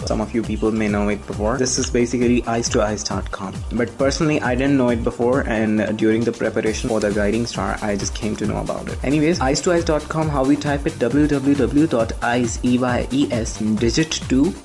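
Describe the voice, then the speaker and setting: A man's voice: medium pitch, a little mellow. A man from Pakistan with a Pakistani accent, hosting a segment and welcoming listeners before spelling out web addresses. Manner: welcoming, explanatory, spells things out. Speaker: segment host.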